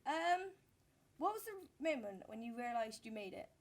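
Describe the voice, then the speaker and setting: A woman's voice: fairly high pitch, sing-song, normal speed. A woman interviewer asking eager questions, giggling often. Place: convention interview.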